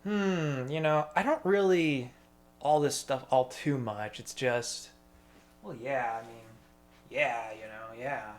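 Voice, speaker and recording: A man's voice: mid-range voice, slow, soft background music. A man in a rambling solo monologue, swearing freely and talking to himself. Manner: profane, meandering, talks to himself.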